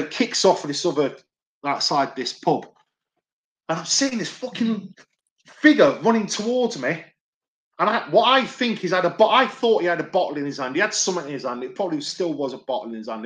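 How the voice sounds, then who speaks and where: Middle-aged man, higher-pitched, swears freely, loose rambling storytelling. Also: big pitch swings, moderate pace, a bit bright. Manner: swears often, rambling and repetitive. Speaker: podcast guest, ex-doorman. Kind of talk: casual storytelling.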